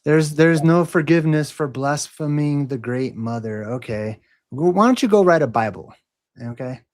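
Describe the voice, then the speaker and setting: A man's voice: on the high side, lively intonation, normal speed, darkish tone. A man hosting a livestream, talking casually and mockingly challenging a troll in the chat. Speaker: livestream host.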